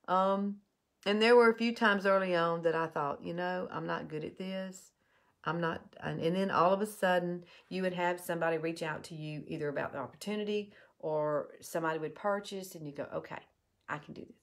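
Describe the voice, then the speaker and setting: A woman's voice: mid-range voice, a bit bright. A woman in her fifties, a beauty vlogger talking earnestly and casually while doing her makeup on camera. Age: 50s. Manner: earnest, chatty and confessional.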